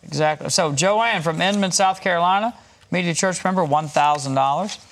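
A man's voice: high voice, moderate pace. A man hosting a Christian broadcast, reading donors' names, places and prayer requests with light chuckles. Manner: warm, chuckling, reads names and places in a list. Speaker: host reading donations.

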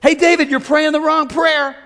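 A man's voice: very high voice, little pitch movement, moderate pace, bright, forceful tone, in a large hall, voice pushed up. A man voicing God as a stern fatherly figure, repeating his name and correcting him. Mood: scolding.

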